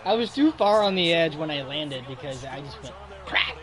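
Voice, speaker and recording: A man's voice: fairly high pitch, lively intonation, moderate pace, a crowd in the background. A man hosting a casual chat, rambling through stories with frequent laughs and trailing off. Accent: Boston. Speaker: host.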